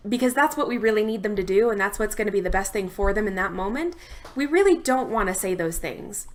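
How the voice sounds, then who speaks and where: A young adult woman therapist giving calm, steady instructional advice straight to the viewer. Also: medium pitch, fairly quick. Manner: calm, steady explanatory delivery. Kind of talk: instructional talk to camera.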